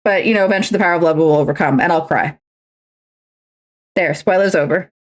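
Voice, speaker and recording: A woman's voice: fairly low pitch, fast talker. A woman livestreaming, chatting casually while crafting, rambling and self-deprecating with frequent restarts.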